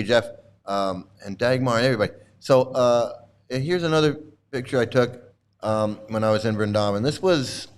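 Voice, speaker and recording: A middle-aged man hosting a livestream, chatting casually while showing old photos, halting with many fillers and restarts and laughing often. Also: medium pitch. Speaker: livestream host.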